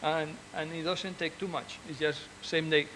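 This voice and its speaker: A man's voice: fairly high pitch, steady tone, normal speed, a bit bright, a little hiss or hum, poor audio. A man, an orthopedic surgeon, speaking earnestly and encouragingly to fellow doctors, often restarting and repeating words.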